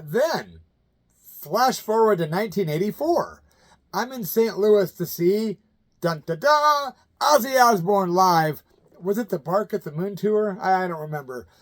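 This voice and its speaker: This channel host, a man in his fifties from the Midwest, shares rock stories loosely and colloquially, acting out anyone he quotes. His voice is high-pitched and a little mellow.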